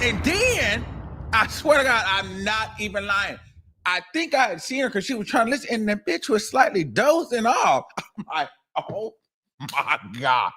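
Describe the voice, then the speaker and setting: A man hosting a casual commentary show tells a courtroom story with animated, profane delivery and bursts of laughter. His voice is high-pitched and husky.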